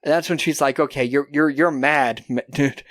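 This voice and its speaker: A man co-hosting a podcast, casually recapping a film and acting out the characters in quick put-on voices, with a lot of swearing. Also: on the high side, steady tone, fairly bright tone, dry recording, studio quality. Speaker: podcast co-host.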